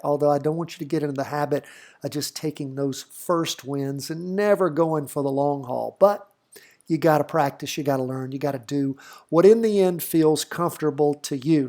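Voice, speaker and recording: A man's voice: a little high, a little mellow. Chatty Southern man talking charts. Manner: folksy, chatty, thinks aloud with fillers. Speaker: trading channel host. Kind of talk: casual market commentary over charts.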